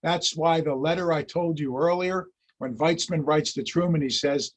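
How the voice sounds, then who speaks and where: A male lecturer tells history as a lively, chatty story, with a slightly husky voice. His pitch sits a touch above the usual for a man. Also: normal speed, hardly any pauses. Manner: animated, chatty storyteller who laughs at his anecdotes.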